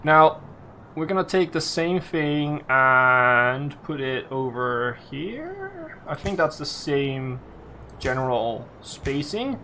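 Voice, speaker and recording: Male let's-play host, mid-pitched, rambling commentary with frequent restarts and self-corrections. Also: slow, bright, forceful tone, slight background noise. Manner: thinks aloud, restarts and self-corrects often. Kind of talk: casual game commentary.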